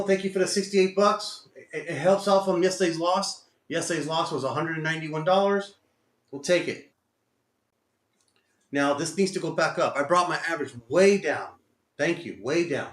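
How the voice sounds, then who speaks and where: A man's voice: high-pitched, lively intonation, moderate pace. Frustrated man talking to himself, echoey. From Texas. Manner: talks to himself, frustrated, exclaims at the market. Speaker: day trader streaming live. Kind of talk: live trading commentary.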